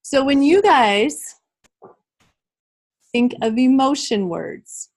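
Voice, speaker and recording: A woman's voice: high-pitched, lively intonation, extremely slow, a little mellow, poor audio. A middle-aged woman leading a live training workshop, talking conversationally and addressing the group directly.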